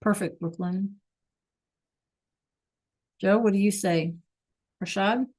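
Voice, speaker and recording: A woman's voice: mid-range voice, slow, a little mellow. A woman teaching a Spanish class over a video call, patient and checking in often with the students.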